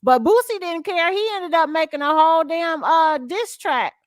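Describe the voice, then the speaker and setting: A woman's voice: very high-pitched, moderate pace, no room sound, clean studio sound. A woman hosting a casual gossip podcast with a Southern US accent, talking loosely, reading posts aloud and laughing along. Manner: chatty, reads posts aloud with laughs and asides. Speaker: podcast host.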